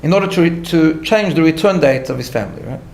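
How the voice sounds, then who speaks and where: A man, a rabbi, giving a conversational lecture, telling a story in an animated way with light laughter at his own asides and frequent restarts. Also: on the high side, quick pace, gravelly, roomy sound. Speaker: rabbi teaching a class.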